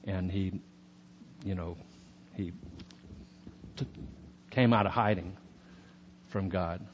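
A man's voice: low-pitched, slow pace, muffled recording, a little hiss or hum. A man teaching a sermon on scripture in a chatty, conversational way, with many fillers. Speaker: preacher.

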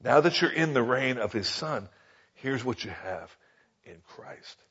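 A man's voice: mid-range voice, animated, moderate pace, fairly bright tone, breathy edge, lo-fi sound. A man teaching the Bible in a folksy, conversational sermon, often tossing rhetorical questions at his listeners.

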